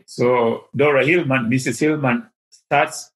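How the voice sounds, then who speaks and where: An older man, from Tanzania, telling an animated story as an interview guest. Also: medium pitch, takes it slowly, rough recording. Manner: animated, acts out the voices in his story.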